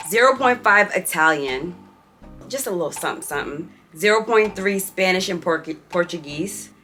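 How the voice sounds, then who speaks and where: Woman vlogger, young, low voice, chatty and playful, faint music behind. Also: lively intonation, moderate pace, bright, forceful tone. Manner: chatty, reads out results with playful asides. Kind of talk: casual vlog chat.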